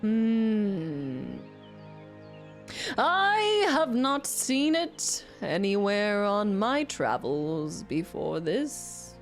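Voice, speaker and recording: A woman voicing a worldly, mysterious traveling merchant while reading game dialogue aloud, drawing each phrase out slowly. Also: medium pitch, very animated, faint music behind, heavily acted. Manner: slow, drawn-out theatrical delivery.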